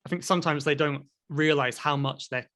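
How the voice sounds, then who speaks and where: A man with a somewhat high voice talks casually about teaching English. He often repeats words as he begins a thought, and agrees along in a friendly way. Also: fairly quick, bright, forceful tone. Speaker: English teacher, podcast co-host. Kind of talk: casual chat.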